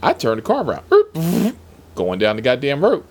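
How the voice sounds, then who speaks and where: A man's voice: mid-range voice, huge pitch swings, quick pace. A man who drives for a rideshare service, telling stories from his shifts in a sassy, heavily profane, emphatic way. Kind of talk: casual storytelling vlog.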